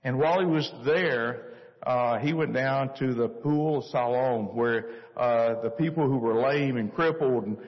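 An older man, a missionary speaker, telling a church story earnestly with many pauses. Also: mid-range voice. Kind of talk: church talk. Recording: echoey church hall, dull lo-fi sound.

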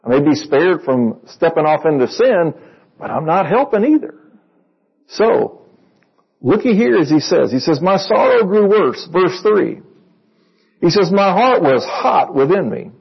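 A man's voice: fairly high pitch, very animated, unhurried, gravelly, long pauses, breathy edge, dull audio. A man preaching a sermon to a congregation in a conversational way, reading verses and asking them questions. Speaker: pastor.

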